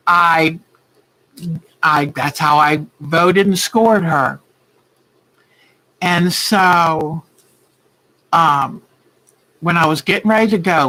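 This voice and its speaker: A woman's voice: fairly low pitch, fairly bright tone, low-quality recording. A woman hosting a quilting livestream, telling a story in a heartfelt, earnest way. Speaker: quilting show host.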